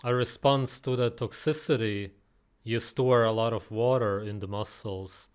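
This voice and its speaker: A man's voice: on the low side, fairly even intonation, measured pace, smooth. A man giving mocking, sarcastic reaction commentary on a video. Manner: scornful, sarcastic.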